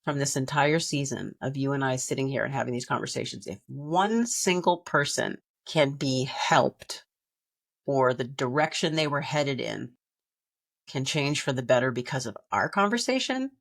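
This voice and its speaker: Gravelly-voiced woman co-hosting a podcast. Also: extremely low pitch, animated, a little fast. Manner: earnest and reflective, with frequent restarts. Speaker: podcast co-host. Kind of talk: heartfelt podcast conversation.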